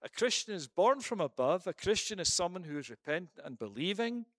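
A man's voice: sits high, big pitch swings, brisk, fairly bright tone, dry recording, studio quality. A man preaching a sermon and then leading a prayer, emphatic, with rhetorical questions and repeated phrases.

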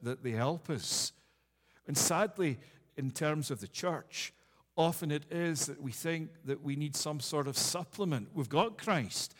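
A man's voice: fairly high pitch, in a large hall. A man preaching a communion sermon in a church, earnest and repeating key phrases for emphasis. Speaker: pastor.

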